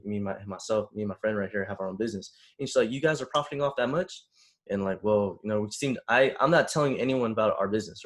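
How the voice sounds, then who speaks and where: A young man from the Bay Area telling a story in casual conversation, animated, acting out the voices of the people he quotes. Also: lowish voice. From San Francisco Bay Area. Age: young adult. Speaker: panel guest.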